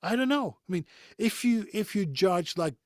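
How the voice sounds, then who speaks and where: Man, Dutch native, neutral European English accent, slightly high voice, chatty and digressive. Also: lively intonation, normal speed, dry recording, studio quality. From Netherlands. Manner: chatty and digressive, chuckles between thoughts. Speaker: voice actor guest. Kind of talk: conversational interview. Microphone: video call.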